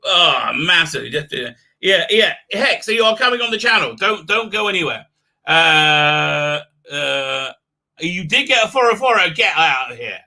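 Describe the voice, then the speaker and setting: A man's voice: a little high, sing-song, measured pace, creaky, sharp tone. A man hosting a live stream, rambling with many fillers and restarts while he reads out viewer comments and fiddles with his mic. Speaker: livestream host. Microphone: desk mic with unsteady level.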